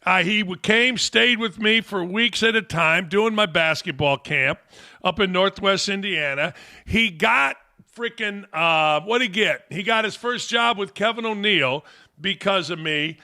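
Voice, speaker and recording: A man's voice: high-pitched, measured pace, sharp tone. An older man hosting a live fan Q&A stream, talking in a brash, profane, rambling way and telling stories. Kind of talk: casual live-stream chat.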